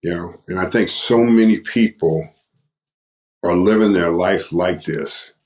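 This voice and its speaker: An older man with a very deep, low voice tells his story as a guest on a podcast. He talks like a preacher, repeating phrases for emphasis. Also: a little slow, a little mellow. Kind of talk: testimony in a podcast interview.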